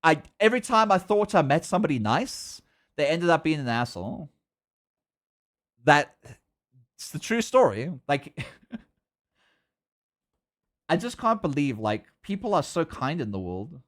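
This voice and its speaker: A young man with a South African accent chatting casually on a livestream, excitable and prone to stammering and repeating words when worked up. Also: a little high, measured pace, long pauses. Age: young adult. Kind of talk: casual chat.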